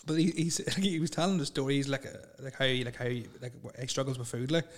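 A man's voice: medium pitch, brisk. A man, chatting casually as a podcast co-host, rambling and self-mocking with lots of "like" fillers. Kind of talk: casual banter.

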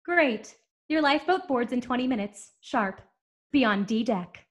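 An actress playing a flustered young stewardess with chirpy, dismissive customer-service patter in a comedic audio drama. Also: female voice, fairly high pitch, animated, measured pace. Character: flustered young female stewardess, breezy and rude.

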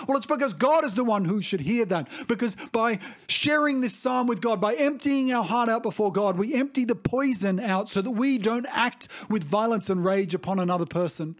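A middle-aged man preaching a sermon as a pastor, earnest and reflective, often pausing to restate himself. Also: very high voice. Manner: earnest, reflective, with frequent restarts and "you see".

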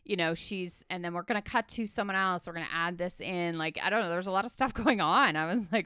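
A woman's voice: lowish voice, fairly quick, few pauses, sharp tone, clear, resonant tone, no echo, clean studio sound. A woman in casual chat, retelling a film scene by scene with lots of fillers and acting out the characters' lines. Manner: chatty, filler-heavy, acts out the characters' lines.

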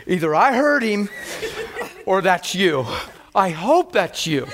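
A man preaching a sermon, telling animated stories and acting out scenes, breaking into laughter, shouts and whispers. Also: sits high, takes it slowly, background noise. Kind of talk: storytelling sermon.

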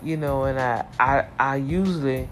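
A woman's voice: very deep voice, moderate pace. A middle-aged woman talking to her viewers in a chatty, emotional personal faith vlog. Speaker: vlogger. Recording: praise music playing underneath. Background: praise music.

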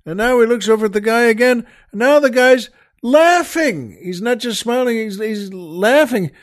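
A man's voice: extremely high pitch, expressive, moderate pace. A male host telling a joke in a folksy, rambling way with many fillers.

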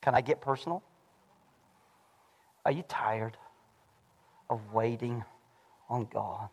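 A pastor preaching a sermon in a church, animated and swinging between shouting and hushed lows. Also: male voice, takes it slowly, breathy edge. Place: church sanctuary. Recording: long hall reverb.

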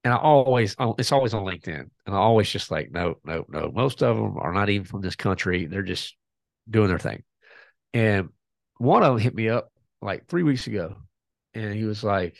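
A man's voice: lowish voice, animated, normal speed, vocal fry, no room sound. A man, a podcast guest casually telling a story and acting out both sides of a conversation.

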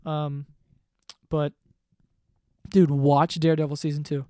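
Male vlogger, 20s, slightly high voice, profane rambling rant. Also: little pitch movement, slow, mellow, no room sound, studio quality. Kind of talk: casual rant to camera. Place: home room below living room.

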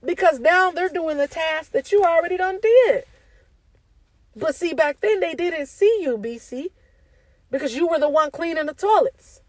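A woman's voice: very high-pitched, lively intonation, moderate pace, no echo, poor audio. A woman giving an informal devotional talk to her online community, often asking "okay?" and speaking in a casual, preachy way. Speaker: faith speaker.

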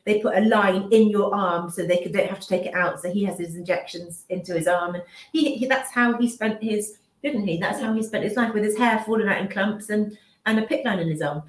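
A woman's voice: medium pitch, fairly quick. A woman in her fifties giving a candid, emotional personal account in an interview, often restarting her sentences and acting out what others said. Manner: emotional, restarts sentences, acts out remembered speech. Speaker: business owner and mother, interview guest. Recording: roomy echo.

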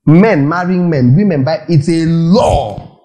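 A male preacher delivers an animated sermon, throwing rhetorical questions at his listeners. His voice sits a little high for a man, yet the tone is dark and mellow. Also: slow, rough recording.

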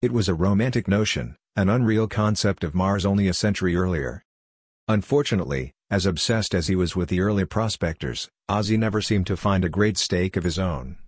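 A man with a very low, husky voice reads a story aloud in a steady, even way. The recording is dry and close, with no room sound behind him. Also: fairly quick, no echo. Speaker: audiobook narrator. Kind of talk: scripted narration.

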